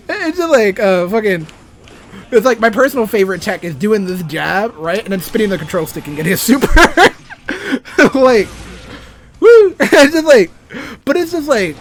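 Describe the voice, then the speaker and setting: A young man and game designer ranting casually about video games, rambling, swearing freely and laughing often. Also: high-pitched. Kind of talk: casual gaming rant.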